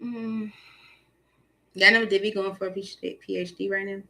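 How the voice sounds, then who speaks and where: A woman hosting a live tarot stream, chatting casually with viewers, animated and laughing often, with features. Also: medium pitch, unhurried, gravelly. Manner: animated, laughs often, talks to the chat directly.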